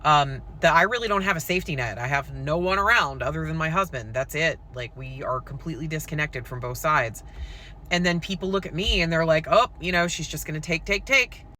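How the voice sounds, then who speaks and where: Frank woman with a bright, sharp voice. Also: sits low, lively intonation, a little fast, a little hiss or hum. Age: adult with school-age children. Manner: frank and conversational, with plenty of "like" and "um". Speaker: poet and content creator. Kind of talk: candid personal storytelling to camera.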